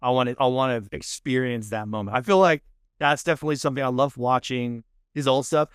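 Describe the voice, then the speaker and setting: A man chatting easily on a podcast, medium-pitched and upbeat, dropping "man" and "dude" as he talks. The room sound is dead dry, close on a studio mic. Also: quick pace, clean tone, no echo. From California. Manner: laid-back, enthusiastic, says "man" and "dude" often. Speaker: podcast guest, food show host. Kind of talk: casual chat.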